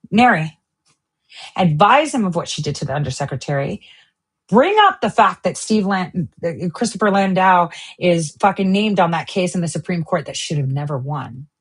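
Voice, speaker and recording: A woman hosting an online news stream, ranting angrily and with lots of profanity, swinging between sharp outbursts and low mutters. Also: breathy edge. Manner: profane, heated, jumps between shouting and muttering. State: extremely angry. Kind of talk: angry livestream rant.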